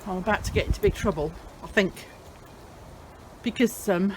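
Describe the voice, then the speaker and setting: A woman's voice: medium pitch, moderate pace, darkish tone, a little hiss or hum, close to an everyday voice. A woman playing a flustered adult story character who hesitates and rambles.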